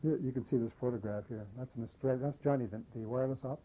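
Older man telling war stories, mellow voice. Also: mid-range voice, quick pace, low-quality recording. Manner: lively anecdotal storyteller, animates quoted dialogue. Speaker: war veteran interviewee. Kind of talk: oral history storytelling.

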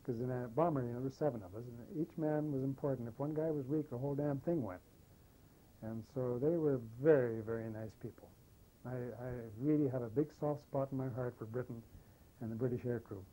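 An older man recounting wartime memories in an oral history interview, a lively storyteller who acts out the dialogue. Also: medium pitch, brisk, rough recording. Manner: lively anecdotal storyteller, animates quoted dialogue. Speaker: war veteran interviewee.

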